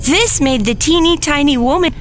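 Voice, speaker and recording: Lady reading a bedtime-style tale, slow and fairly high, faint music under her. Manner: slow, expressive, dropping low for suspense. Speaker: storyteller. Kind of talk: children's story reading.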